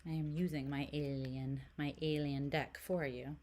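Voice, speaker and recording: A woman's voice: low voice, little pitch movement, moderate pace, mellow, slight background noise. A woman from Canada doing a casual tarot reading to camera, chatty and giggly, full of "like" and dropping into whispered asides. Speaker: tarot reader.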